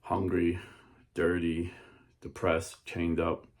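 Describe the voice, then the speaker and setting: A man's voice: sits low, monotone, slow pace. A man hosting a talk show, retelling a story dramatically and acting out the voices. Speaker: host.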